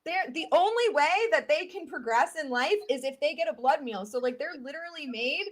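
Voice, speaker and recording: A high-voiced woman with a Southern US accent talks fairly quickly as an expert interview guest. The conversation is casual, and she's animated and chatty, with frequent fillers.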